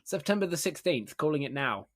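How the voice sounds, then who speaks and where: A man's voice: on the high side, sing-song, a little fast, fairly bright tone. A young man, co-hosting a podcast in casual chat, rambling, laughing often and swearing freely. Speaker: podcast co-host.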